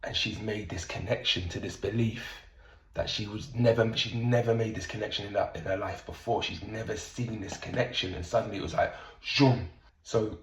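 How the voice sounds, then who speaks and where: A middle-aged man talking through a casual stream-of-consciousness monologue as a somatic coach, blunt and animated, swearing often. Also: fairly low pitch, moderate pace, roomy sound, poor audio.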